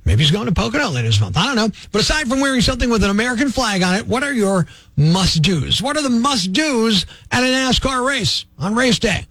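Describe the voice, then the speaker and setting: A man hosting a morning radio call-in show, talking quickly and joking, sometimes working himself up into a rant. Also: very high-pitched, very animated, a bit bright, no echo. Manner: quick, jokey, worked up. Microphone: studio microphone.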